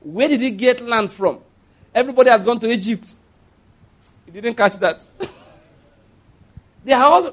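High-voiced preacher. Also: male voice. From Nigeria. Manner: conversational preaching with asides and laughter, call-and-response. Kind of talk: sermon.

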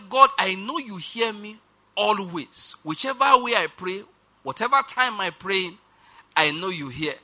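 A man preaching a sermon, reading scripture aloud and slowing down to stress key lines while urging the congregation to respond. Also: sits high, bright, forceful tone. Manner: reads scripture aloud, slows for emphasis, urges the congregation.

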